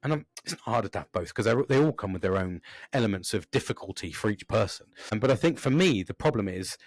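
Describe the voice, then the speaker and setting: A man in his thirties, hosting a podcast in casual chat. He swears constantly and rambles in an animated way, acting out his own inner voices with big jumps in pitch. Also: fast talker, dry recording. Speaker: podcast host.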